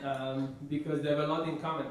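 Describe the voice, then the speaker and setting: A man performing stand-up, his voice sitting a little high. He boasts in a flat, deadpan way and trips over restarts. The sound is very echoey, picked up from a distance over steady noise. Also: brisk. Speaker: stand-up comedian. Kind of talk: stand-up comedy set. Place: comedy stage before a laughing audience. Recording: echoey, distant live room mic with noise.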